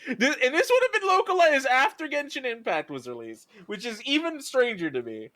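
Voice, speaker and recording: A man giving casual let's play commentary, joking and quick to laugh, on a desk mic. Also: very high voice, very animated, bright, forceful tone. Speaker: streamer.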